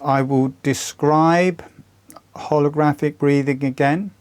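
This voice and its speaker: An older man teaching a breathwork practice in a calm, deliberate, earnest way. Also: fairly high pitch, clear, resonant tone. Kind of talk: slow guided instruction.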